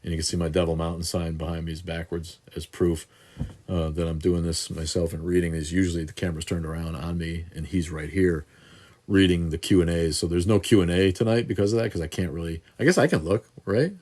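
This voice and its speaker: Host, male, very low voice, irreverent and crude, chatty live-stream feel, phone selfie mic. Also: steady tone, a little fast, darkish tone. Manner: irreverent, crude joking, rambling. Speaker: livestream host answering viewer questions. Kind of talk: casual live chat. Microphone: phone camera in selfie mode.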